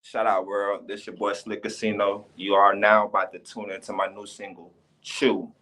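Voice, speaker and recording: A man guesting as a rapper on a podcast, laid-back and quick to laugh. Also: lowish voice, flat delivery, bright, forceful tone. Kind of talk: casual interview chat.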